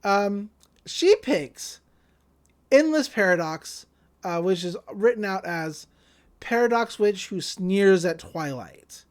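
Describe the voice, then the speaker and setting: A woman co-hosting a podcast, casually recapping an anime episode in a lively way, often laughing and acting out the characters' lines. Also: mid-range voice, slow. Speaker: podcast co-host.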